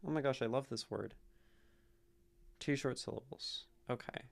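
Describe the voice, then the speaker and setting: A man's voice: medium pitch, moderate pace, gravelly. A man hosting a live stream, casually analyzing poetry and thinking aloud as he taps out rhythms in syllables. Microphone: streaming mic.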